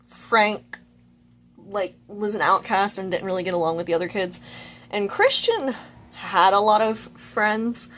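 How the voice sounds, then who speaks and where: A woman's voice: on the low side, fairly bright tone, slight background noise. A woman vlogger casually retelling a film's plot while getting ready, chatty and full of "like" and "you know". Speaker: vlogger reviewing a movie.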